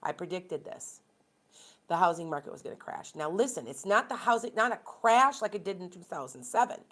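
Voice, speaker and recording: A woman's voice: lowish voice, expressive, fairly quick, a bit bright. A woman from Wisconsin, a tarot reader and medium, chatting casually and rambling through opinions to viewers on a live stream.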